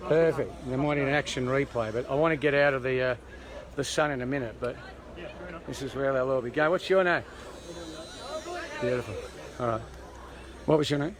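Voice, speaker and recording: An Australian protest livestreamer talks fairly quickly in a medium-pitched voice, leaving long pauses as crowd noise fills in around him. Outdoors on an urban street, he chats and rambles to viewers with jokey asides, captured in a noisy recording.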